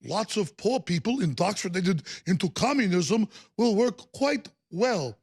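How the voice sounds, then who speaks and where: A man's voice: high-pitched, lively intonation, unhurried, slightly rough, exaggerated voice. A man doing a lecturing old politician impression. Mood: mocking. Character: elderly male socialist politician, lecturing.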